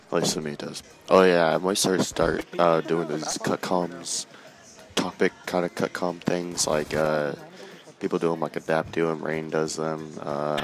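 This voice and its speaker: Young male gamer, low voice, rambling profane casual commentary, crowd noise in the background. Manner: rambling, filler-heavy and profane. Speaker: gaming channel host.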